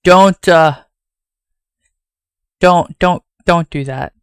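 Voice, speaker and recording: A rambling streamer with a Southern US accent. He chats casually to his viewers in a fairly high, smooth voice that sounds dry and close. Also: very slow, dry recording. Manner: rambling and chatty, talks straight to chat.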